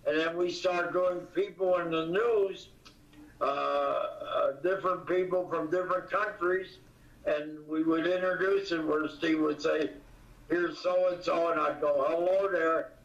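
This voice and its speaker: Slow halting older man, distant echoey audio. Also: a little high, steady tone, gravelly, lo-fi sound. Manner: halting, many pauses and fillers. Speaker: comedian guest. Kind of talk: casual interview.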